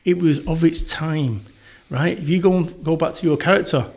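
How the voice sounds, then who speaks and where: A middle-aged man with a Northern English accent, a podcast guest telling stories in a blunt, swearing, animated way. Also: on the high side, moderate pace. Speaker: podcast guest, motivational speaker. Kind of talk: casual conversational interview.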